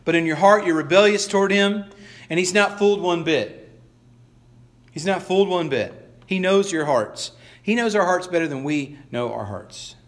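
High-voiced man preaching a sermon. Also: expressive, moderate pace. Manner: conversational preaching with repeated restarts; acts out quoted lines in voices. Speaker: pastor.

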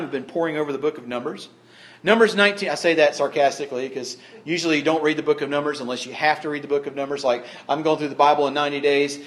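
A middle-aged man preaching a sermon in a conversational way, with dry humorous asides. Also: on the high side. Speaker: pastor.

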